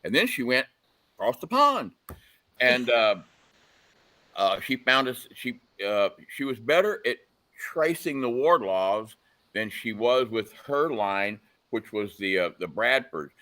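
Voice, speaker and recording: A man guesting on a motorcycle talk show, telling animated stories and laughing as he goes. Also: medium pitch, unhurried. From United States. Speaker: guest, motorcycle engine builder. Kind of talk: casual chat.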